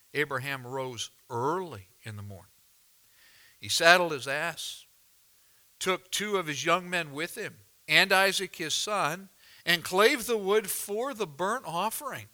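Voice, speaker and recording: A man preaching a sermon, reading scripture aloud and explaining it with deliberate, dramatic pauses. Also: fairly high pitch, sharp tone. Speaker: pastor.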